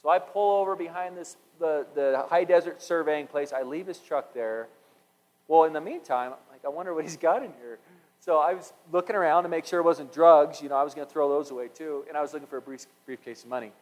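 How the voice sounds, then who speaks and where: Animated male storyteller, slightly high voice. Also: fairly quick, low-quality recording. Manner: animated storyteller acting out dialogue. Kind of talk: storytelling sermon.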